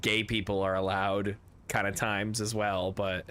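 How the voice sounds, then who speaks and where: A man's voice: fairly low pitch, flat delivery, unhurried, a bit bright, clear, resonant tone. Rambling, joking man at a game table. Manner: rambling, jokey, swears casually. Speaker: streamer playing a tabletop game with friends. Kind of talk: casual game-table banter.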